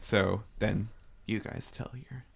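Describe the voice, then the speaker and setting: A young man telling a camping story in a casual chat, lively and laughing. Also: fairly low pitch, slow pace, gravelly, husky. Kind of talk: casual family podcast chat.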